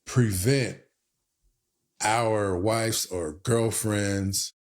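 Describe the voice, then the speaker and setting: A married man and podcast host, telling a story in a casual, animated way and acting out the dialogue. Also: lowish voice, extremely slow.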